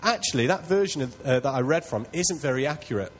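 During a sermon, a man recounts a personal story at a quick pace in a medium-pitched voice. He comes across as earnest and self-deprecating, working up to loud excitement, and the rough recording has slight background noise.

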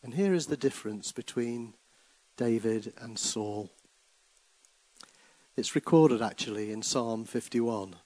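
A man preaching, soft-spoken and reflective, with a mid-range voice. The sound is close and dry, with no room around it. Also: medium pitch, slow pace, long pauses, no room sound, rough recording. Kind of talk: sermon with poem reading.

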